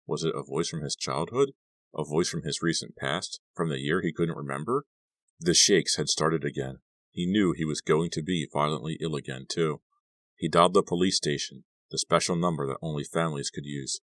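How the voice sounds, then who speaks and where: A man reading a novel aloud as an audiobook narrator in a steady, measured way. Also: rumbling low, no echo, studio quality. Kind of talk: scripted narration.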